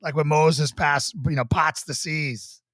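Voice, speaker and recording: A man's voice: fairly high pitch, measured pace, dry recording, clean studio sound. A man from the Boston area, a pastor co-hosting a casual chat, joking and laughing often. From Boston area, USA. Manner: jokey, animated, laughs often. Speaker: pastor and show host.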